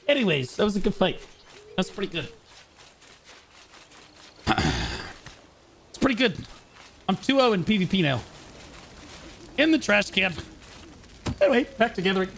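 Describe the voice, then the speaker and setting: Guy streamer yelling at a game, gravelly high voice, excitable, quiet music under it. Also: normal speed, pauses often. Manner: excitable, swings between shouting trash talk and muttering. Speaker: streamer playing an online game. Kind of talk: live gameplay commentary.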